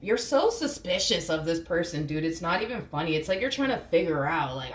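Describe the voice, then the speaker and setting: A very animated woman with a lowish voice reads tarot briskly with few pauses, staying blunt and casual, swearing freely, and quoting imagined reactions as she acts them out. The room echoes faintly with a hum.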